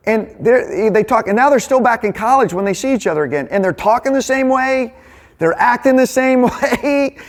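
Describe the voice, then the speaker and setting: High-voiced man leading a men's Bible study. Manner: energetic, conversational, quick asides. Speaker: men's ministry leader. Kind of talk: casual Bible teaching to a men's group.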